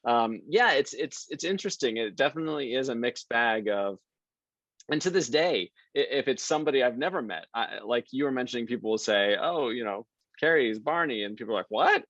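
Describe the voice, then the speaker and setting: Lively man telling stories in a chat. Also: mid-range voice, a little fast, dry recording, lo-fi sound. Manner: lively storyteller, acts out quoted people. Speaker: podcast guest, voice actor. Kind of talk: casual interview chat.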